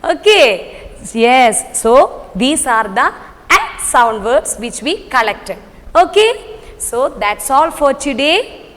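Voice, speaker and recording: A high-voiced woman teaches small children phonics, sounding out each letter with slow, careful patience. She asks questions and answers them herself, and her voice carries a long hall reverb. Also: big pitch swings. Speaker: kindergarten teacher. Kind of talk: online phonics lesson for young children.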